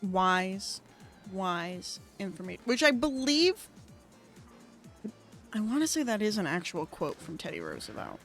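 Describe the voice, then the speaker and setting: A woman's voice: medium pitch, a little slow, pauses often. Woman playing a game on stream, chatty and rambly, lots of likes and uhs, faint music behind. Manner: rambling, filler-heavy, excitable. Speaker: gaming streamer. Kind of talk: casual let's-play commentary. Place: at home at a computer. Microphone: desk microphone.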